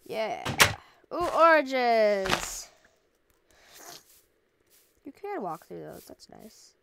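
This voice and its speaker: Slow, playful woman narrating gameplay. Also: a little high, fairly bright tone, slight background noise. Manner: goofy, bickers with herself in made-up voices. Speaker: gameplay commentator. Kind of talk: playful let's-play commentary with role-play.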